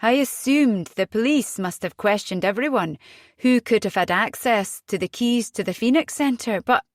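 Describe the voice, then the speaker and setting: A woman's voice: fairly high pitch, expressive, moderate pace, no room sound, studio quality, natural voice. A woman voicing a weary husband in an audiobook, reasoning in an exasperated way without much change to her own voice. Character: weary, defensive husband and father.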